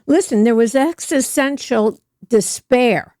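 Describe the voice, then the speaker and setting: A woman's voice: on the high side, takes it slowly, darkish tone, dry recording, clean studio sound. A woman in her eighties with a New Jersey accent, speaking earnestly and reflectively as a podcast guest. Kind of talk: casual interview conversation.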